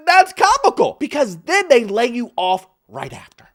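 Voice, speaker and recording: A man hosting a commentary video, emphatic and mocking, acting out quotes as he reacts to clips. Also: extremely high pitch. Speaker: host.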